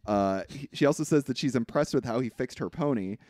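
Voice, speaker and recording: A man co-hosting a podcast, casually recapping a film in an animated way, acting out quotes and often hedging. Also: mid-range voice, brisk, no echo, studio quality. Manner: animated retelling with acted-out quotes, frequent hedging. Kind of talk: casual chat.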